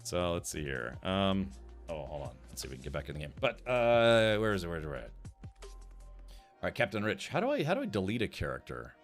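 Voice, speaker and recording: A man's voice: low-pitched, wildly swooping pitch, quick pace, faint music behind. A man streaming a video game live, chatting casually, rambling and restarting sentences and answering chat as he plays.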